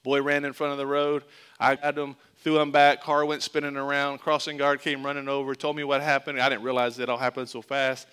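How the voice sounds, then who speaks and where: A man's voice: mid-range voice, completely flat delivery, a little fast, fairly bright tone, clear, resonant tone. A middle-aged man from Florida preaching a sermon in a conversational, joking way, mixing scripture with a story from his own childhood. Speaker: pastor.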